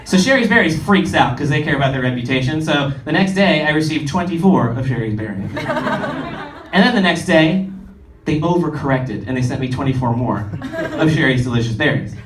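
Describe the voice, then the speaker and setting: A young man doing a stand-up comedy set, animated, swinging between big highs and low asides. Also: brisk, background noise. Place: comedy club stage. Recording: roomy club, distant mic, audience. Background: audience laughter.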